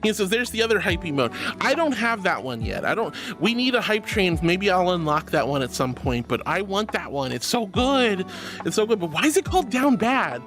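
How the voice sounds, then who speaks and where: A woman's voice: on the low side, sing-song, a little fast, few pauses, a bit bright, soft background music. A woman live-streaming and chatting casually with viewers, affectionate and giggly, calling them sweetheart and hon. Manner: giggly, bubbly. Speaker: livestreamer.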